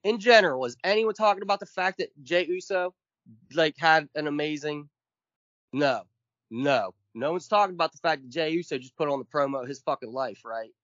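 A man's voice: fairly high pitch, fairly quick, a bit bright, dry recording. Profane, fired-up man ranting on a podcast. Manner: emphatic, profane, counts off points. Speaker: podcast co-host. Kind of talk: casual podcast rant. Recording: dull lo-fi dry sound.

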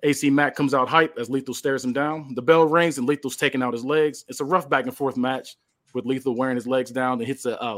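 A man's voice: mid-range voice, a bit bright. A male podcast host casually narrating a made-up wrestling storyline, with fillers.

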